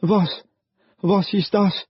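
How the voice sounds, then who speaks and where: A man voicing a frightened young German soldier with a German accent, shrill and broken with panic. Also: fairly even intonation, takes it slowly, breathy edge, no room sound, highs cut off, heavily acted. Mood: panicked.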